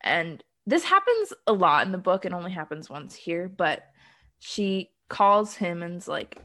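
Slow-talking woman recapping a movie. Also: fairly low pitch, big pitch swings, pushed and bright. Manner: laughs often, many ums. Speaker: podcast co-host. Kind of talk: casual movie recap chat.

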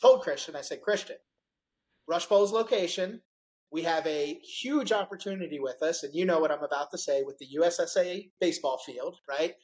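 A middle-aged male podcast host in a relaxed conversation. He tells his story with animated energy and throws himself into every quoted line. The delivery stays conversational and loose throughout. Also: fairly high pitch, moderate pace, poor audio. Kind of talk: casual interview storytelling.

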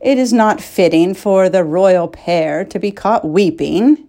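Lady doing a knowing old man advisor, wry and unhurried. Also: on the low side, dark tone.

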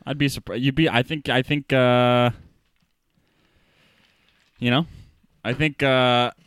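A man's voice: medium pitch, steady tone, takes it slowly, fairly bright tone, clear, resonant tone, dry recording. A man from Canada co-hosting a casual podcast, replying in a dry, laid-back way with short remarks. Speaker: podcast co-host. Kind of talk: casual chat.

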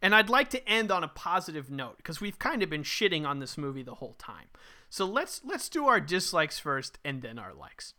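A man's voice: fairly high pitch, sing-song, normal speed, bright, forceful tone. A man co-hosting a casual movie review podcast, ranting bluntly and profanely. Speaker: podcast co-host.

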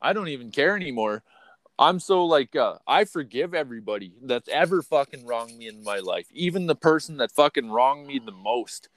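Man, podcast host, profane, rambling, loud-then-quiet swings, middle pitch, dry close sound. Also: expressive, normal speed, no room sound. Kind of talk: unfiltered casual rant.

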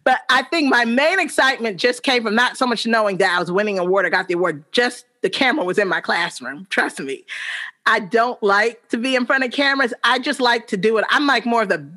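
Lively bright-voiced woman telling stories. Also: on the high side, fairly quick. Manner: animated, lively storyteller with frequent restarts. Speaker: teacher, podcast guest. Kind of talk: casual storytelling in an interview.

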